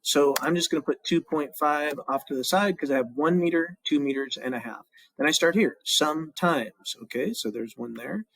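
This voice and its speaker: A man's voice: on the high side, moderate pace, creaky, fairly bright tone, no echo, rough recording. A male teacher giving a recorded classroom tutorial, talking casually and methodically as he counts syllables aloud step by step. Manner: casual, fills with um and restarts.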